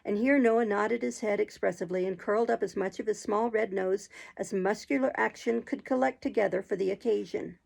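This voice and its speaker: Gravelly-voiced woman reading a novel aloud. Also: medium pitch, brisk, few pauses, rough recording. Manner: expressive reading with occasional throat clearing. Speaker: narrator.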